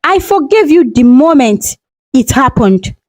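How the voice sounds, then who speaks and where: Brief: woman reading a frail, forgiving old mother, soft-spoken, high and lilting. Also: sing-song, a little slow, low-quality recording. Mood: tender. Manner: soft, whispery.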